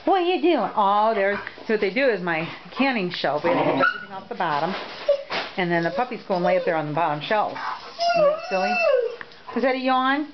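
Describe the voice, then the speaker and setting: Woman fostering dogs, sing-songy baby talk, muffled camera audio with loud background noise. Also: medium pitch, lively intonation, quick pace. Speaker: dog foster caretaker. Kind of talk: casual home video narration. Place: home, in and out of doors. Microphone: handheld camera.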